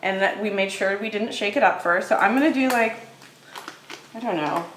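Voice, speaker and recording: Young woman, vlogger, casual chatty haul talk, mid pitch, roomy kitchen sound. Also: a bit bright, slight background noise. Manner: chatty, upbeat, quick with fillers. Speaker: vlogger reviewing grocery finds.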